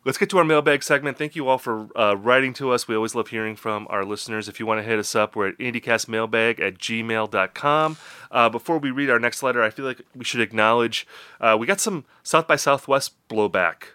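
A man's voice: medium pitch, fairly quick, sharp tone, clean tone, no echo. A young man with a Midwestern accent co-hosting a podcast, chatting casually and rambling with lots of fillers and restarts. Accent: Midwestern American. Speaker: podcast co-host.

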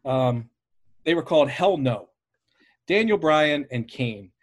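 A man's voice: on the high side, lively intonation, slow pace. A man hosting a casual podcast interview, asking long rambling questions with plenty of fillers. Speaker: podcast host.

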